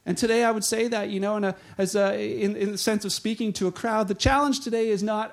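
Animated high-voiced male preacher. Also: fairly quick. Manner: conversational, animated storytelling with voiced quotes. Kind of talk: sermon.

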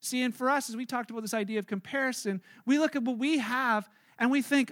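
Male pastor, sermon, storytelling, high bright voice. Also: quick pace, hardly any pauses. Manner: storytelling, acts out characters.

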